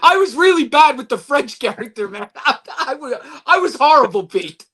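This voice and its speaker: A man chatting about his acting auditions in an excitable way, laughing often and repeating his words. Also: very high voice, normal speed. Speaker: actor guest. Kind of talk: casual chat.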